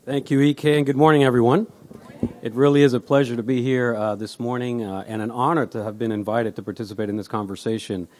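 Brief: man, mid-pitched voice, polite university executive speaking to an audience. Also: steady tone, a little mellow. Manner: measured and courteous. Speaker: university vice president, guest speaker. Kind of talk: formal event remarks.

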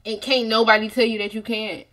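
A young woman hosting a music reaction video, talking casually in a rambling, animated way with lots of "like" and restarts. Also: fairly high pitch, brisk.

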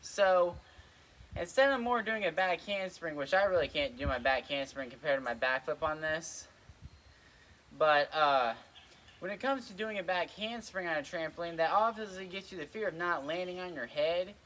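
A man's voice: a little high, normal speed, a bit bright. Breathless young man rambling trampoline tips. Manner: rambling, lots of "like" and "kinda", repeats himself. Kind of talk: casual instructional vlog. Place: outdoors on a trampoline.

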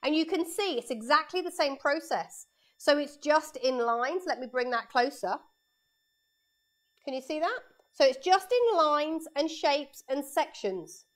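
Wearing a lapel mic in her studio, a woman art teacher leads a live painting lesson for children, chatting and explaining every step as she draws. Her voice is high and a bit bright, with lively intonation and a measured pace.

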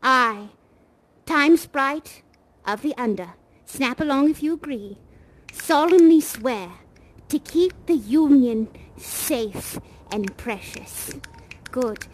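A woman's voice: sits high, animated, takes it slowly, a little hiss or hum, low-quality recording. A woman playing a doting, eccentric female leader of a sweepers' union in a virtual reality game, leading a theatrical, solemn oath with pet names for everyone. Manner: solemn, ceremonial oath-giving.

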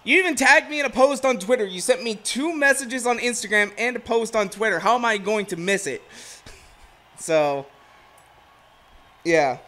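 Brief: young male streamer, high, bright voice, excitable and rambling, casual game chat. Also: normal speed, long pauses. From Ohio, USA. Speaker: gameplay streamer. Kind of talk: casual gameplay commentary.

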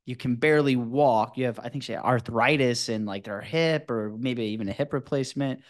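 A man's voice: medium pitch, brisk. A man, a former health teacher, chatting in a podcast and telling stories loosely with lots of "you know" and "like". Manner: relaxed storytelling, many fillers like "you know" and "like". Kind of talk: casual podcast conversation.

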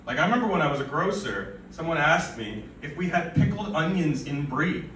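A man's voice: on the high side, big pitch swings, fairly quick, fairly bright tone. A young man performing a stand-up comedy set with rambling, absurd, stammering delivery at a live event. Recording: roomy, from far off, faint noise.

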